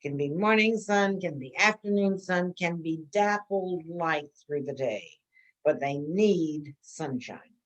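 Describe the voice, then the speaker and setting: A woman's voice: fairly low pitch, takes it slowly, lo-fi sound. A woman teaching an informal gardening class, chatty and answering questions, often checking in with "okay?".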